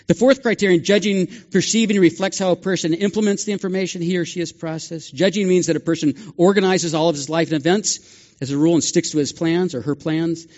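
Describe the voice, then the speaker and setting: A man's voice: fairly high pitch, darkish tone, highs cut off. Older man preaching in a chatty, joking way. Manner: conversational, chatty with asides and self-deprecating jokes. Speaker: pastor. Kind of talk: sermon. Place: church sanctuary.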